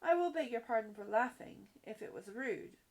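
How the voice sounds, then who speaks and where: A woman's voice: on the high side, moderate pace. A woman doing a proud, polite young girl. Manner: calm, grand and polite.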